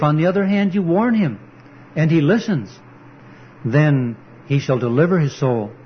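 A man's voice: on the high side, breathy edge. A man preaching an earnest, emphatic sermon, quoting scripture as he goes. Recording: dull lo-fi recording.

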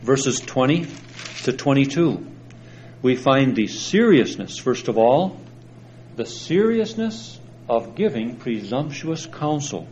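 A man preaching a sermon, explaining scripture slowly and deliberately and stressing the verses he quotes. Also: medium pitch, big pitch swings, darkish tone, muffled recording, a little hiss or hum. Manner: slow, deliberate Bible exposition with emphatic scripture quotes.

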